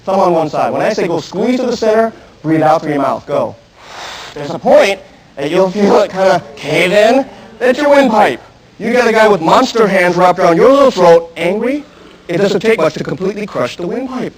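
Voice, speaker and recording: High-voiced intense male self-defense instructor. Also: expressive, normal speed, a crowd in the background, rough recording. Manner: intense, direct, questions the audience. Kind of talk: live seminar lecture. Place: room with an audience. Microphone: archive video recording.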